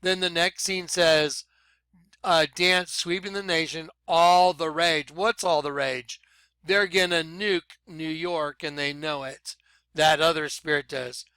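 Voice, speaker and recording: An excitable man talks slowly, drawing out his words, in a bright, clear voice that sits a little high. He comments emphatically over videos he plays and keeps apologizing for getting ahead of himself. The sound is dry and close. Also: no echo. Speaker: video blogger.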